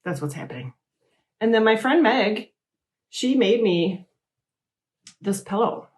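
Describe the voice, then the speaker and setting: A middle-aged woman hosting a casual crafting show, chatting in a rambling, animated way. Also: medium pitch, takes it slowly. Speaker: host. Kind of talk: casual chat.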